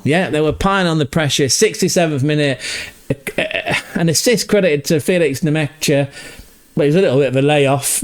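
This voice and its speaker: A man casually recapping a football match as a podcast host, chatty and self-correcting, laughing as he stumbles over foreign player names. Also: a little high.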